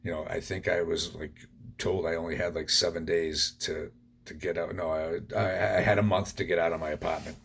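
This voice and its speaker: A man's voice: sits low, level tone, fairly quick, vocal fry, a bit bright, a little hiss or hum. A man hosting a podcast, telling his own recovery story in a blunt, profane way. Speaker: podcast host.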